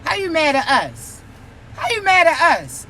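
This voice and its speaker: A woman's voice: very high-pitched, wildly swooping pitch, a little slow, sharp tone, a little hiss or hum, voice pushed up, heavily acted, poor audio. A woman imitating an annoyed child who whines back at their mother. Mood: indignant. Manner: whiny, indignant.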